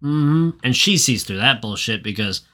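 A man's voice: on the low side, normal speed, sharp tone. A young man co-hosting a podcast, retelling a movie in a casual, profane, joking way and acting out quotes. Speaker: podcast co-host.

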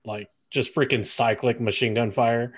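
Mid-pitched man telling joking asides. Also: steady tone, moderate pace. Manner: rambling joking asides with many fillers. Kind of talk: casual book-discussion chat.

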